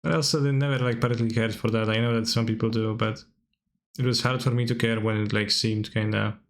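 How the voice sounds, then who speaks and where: A man's voice: lowish voice, steady tone, fast talker. A man giving casual stream commentary while reacting to old videos, chatty and wry, laughing often and talking loosely with many filler words.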